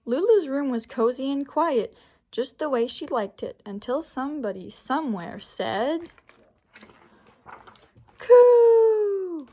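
Female librarian, children's story time and craft demo; gentle, slow, somewhat high. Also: lively intonation, breathy edge. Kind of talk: picture book read-aloud and craft demo.

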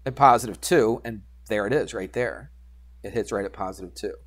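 A man teaching algebra to a class, animated and teasing, coaxing students with questions. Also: fairly low pitch, brisk. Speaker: high school math teacher. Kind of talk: classroom lecture.

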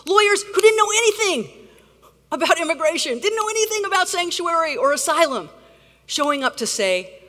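A woman's voice: sits high, expressive, normal speed, pushed and bright. Impassioned woman giving a keynote in a reverberant hall. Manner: impassioned, blunt, swears for emphasis. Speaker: keynote speaker, activist. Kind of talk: rousing conference keynote. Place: large conference hall.

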